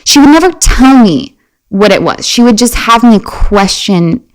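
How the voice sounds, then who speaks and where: A woman guest on a podcast, chatting casually and telling animated personal stories with many fillers and restarts. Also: on the high side, unhurried, poor audio. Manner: animated storyteller. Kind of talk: casual chat.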